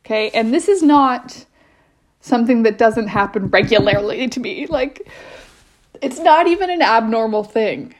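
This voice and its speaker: A woman's voice: on the high side, expressive, a little slow. Chatty woman telling a personal story. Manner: rambling, with many restarts and frequent "like". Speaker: mother sharing experiences as podcast guest.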